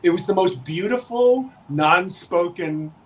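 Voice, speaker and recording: Acting out quoted dialogue, a podcast's actor guest works through a long story in casual, animated fashion. His high voice moves at an unhurried pace, and the rough recording carries a little hiss or hum.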